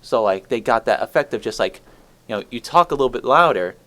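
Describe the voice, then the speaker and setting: Give me a chatty teen guy with a very lively voice, tripping over his words. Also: medium pitch, quick pace. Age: teens. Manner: rambling, many likes and restarts. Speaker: podcast host. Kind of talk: casual chat.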